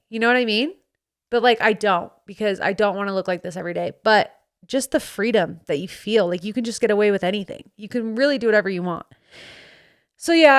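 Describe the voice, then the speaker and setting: A woman hosting a podcast, telling a story in casual chat and acting out her friends' lines in quick put-on voices, recorded close on a studio mic. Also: mid-range voice, clear, resonant tone. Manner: animated, acts out friends' voices in quotes. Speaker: podcast host. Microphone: studio microphone.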